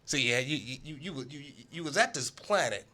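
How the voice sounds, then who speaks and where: A man with a higher, bright, forceful voice that swings widely in pitch as he argues in a casual sports debate. He is animated and emphatic, and he hammers the same point over and over. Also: normal speed.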